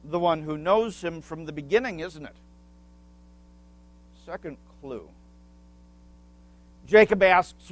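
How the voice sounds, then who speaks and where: A male pastor delivers a sermon at an unhurried, deliberate pace. His voice sits a little high for a man. He teaches with small asides and puts questions to the congregation, waiting for answers.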